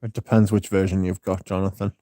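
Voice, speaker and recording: Man, livestream host, casual chat, rambling, swearing, reading chat aloud, low pitch, dark mellow tone. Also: level tone, fairly quick, no echo, clean studio sound. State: starting a sore throat.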